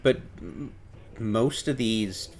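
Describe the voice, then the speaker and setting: A man's voice: on the low side, slow, darkish tone, a little hiss or hum. A man giving casual commentary over his game footage, explaining his moves in a rambling way with frequent restarts. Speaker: gameplay commentator.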